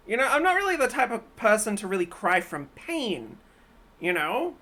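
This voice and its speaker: A woman's voice: mid-range voice, sing-song, normal speed, a bit bright. A woman streamer reacting casually to videos, blunt and profane, who often laughs and exclaims. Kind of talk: casual live-stream commentary.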